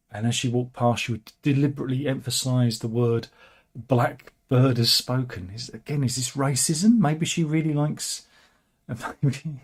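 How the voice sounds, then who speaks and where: A man's voice: mid-range voice, a little mellow. A man hosting a casual, satirical news commentary, wry and chatty with frequent asides. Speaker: host.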